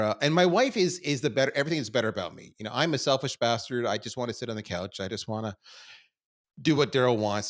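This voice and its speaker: A middle-aged man from Canada, a podcast guest, telling stories about his life in a candid, self-deprecating way that swings between quiet asides and loud bursts. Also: lowish voice. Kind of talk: candid conversational storytelling.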